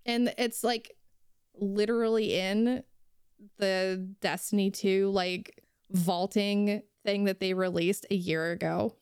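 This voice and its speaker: A woman's voice: mid-range voice, steady tone, takes it slowly, darkish tone, clear, resonant tone, dry recording, studio quality. A young woman co-hosting a casual podcast, ranting heatedly and swearing freely. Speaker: podcast co-host.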